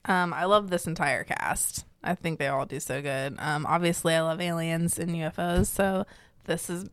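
A woman's voice: deep voice, steady tone, moderate pace, fairly bright tone, smooth, no room sound. A woman co-hosting a casual movie-review podcast, enthusiastic and full of fillers. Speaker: podcast co-host.

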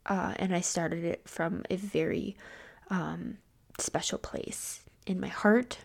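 A woman in her thirties hosting a personal podcast, talking candidly and tearfully, with fillers and halting pauses. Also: on the low side, fairly even intonation, vocal fry. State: tearful, near crying. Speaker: podcast host. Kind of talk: personal solo podcast talk.

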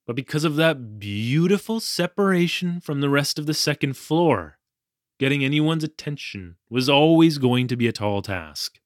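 A man's voice: on the high side, expressive, moderate pace, no room sound, studio quality, natural voice. An actor playing a flustered young male English teacher in Japan, telling his ordeal in a wry, self-deprecating way. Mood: recounting. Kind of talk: audio drama storytelling narration.

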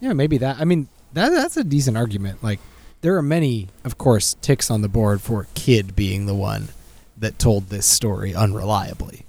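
A man co-hosting a movie podcast, chatting casually and animated, laughing often and jumping up in pitch for jokes. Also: normal speed. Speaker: podcast host. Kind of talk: casual chat.

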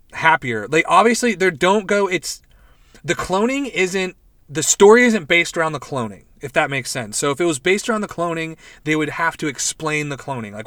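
A man's voice: fairly high pitch, no echo. Rambling, profane young man recapping a show. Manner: rambling, profane, animated retelling with quoted voices. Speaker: podcast host reviewing a show. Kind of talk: casual chat.

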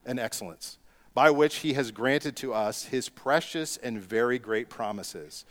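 A middle-aged male pastor preaches a sermon at a medium pitch. He leans on rhetorical questions and pushes into emphatic bursts for his key points.

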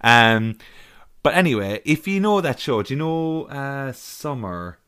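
A man's voice: mid-range voice, sing-song, unhurried, fairly bright tone, clean tone. A man telling a story in casual podcast banter, swearing freely and laughing. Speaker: podcast co-host.

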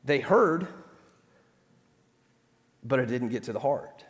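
A man's voice: mid-range voice, lively intonation, takes it slowly. A man preaching a sermon in a church sanctuary, emphatic and quizzing the congregation with call-and-response questions. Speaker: pastor. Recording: echoey hall reverb.

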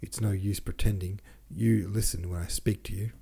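A man voicing a stern, scolding older woman with a rough voice in an audiobook. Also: lowish voice, fairly even intonation, moderate pace, mellow.

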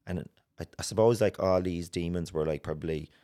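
An Irish man telling a personal story as a podcast guest, earnest and halting, with many restarts. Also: low voice, warm tone. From Ireland.

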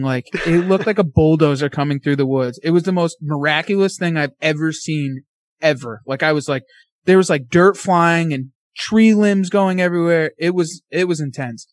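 A man's voice: fairly high pitch, dry recording. Amped-up man telling a hunting story. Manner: animated storyteller, quoting himself and his friend. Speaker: podcast guest.

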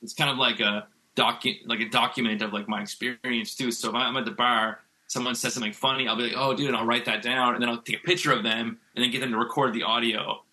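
Man, young adult, from Canada, interview guest, casual, rambling, swears, bright tone, video call. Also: medium pitch, level tone, fast talker, few pauses, low-quality recording. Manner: loose and chatty, fillers like "like", swears freely. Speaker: guest musician. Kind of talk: casual conversation.

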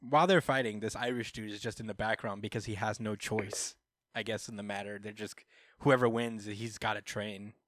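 A man's voice: lowish voice, steady tone, fairly quick, fairly bright tone, no room sound, clean studio sound. A young man co-hosting a podcast, casually recapping a comic story in a rambling, filler-heavy way. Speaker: podcast co-host.

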